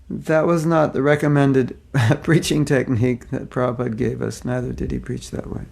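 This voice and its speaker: A man with a gravelly, creaky voice at an ordinary middle pitch, teaching an informal spiritual class. He answers questions playfully and jokingly, often trailing off and restarting his sentences. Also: level tone, moderate pace, few pauses, a little mellow.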